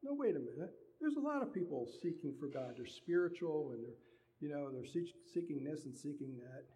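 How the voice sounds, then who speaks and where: Male preacher, conversational sermon delivery, dark mellow tone, long hall reverb. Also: on the high side, expressive, a little fast. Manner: conversational preaching, acts out everyday dialogue.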